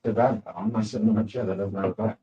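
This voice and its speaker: A man's voice: on the low side, fairly even intonation, fast, mellow, highs cut off, a little hiss or hum. A young man with a rambling, self-mocking manner, hosting a casual livestream chat. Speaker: livestream host.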